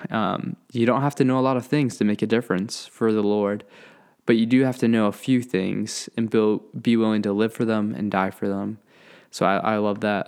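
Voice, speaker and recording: A young man chatting casually to his viewers in a laid-back way, with lots of fillers and easy laughs. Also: lowish voice. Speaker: vlogger. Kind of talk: casual talk.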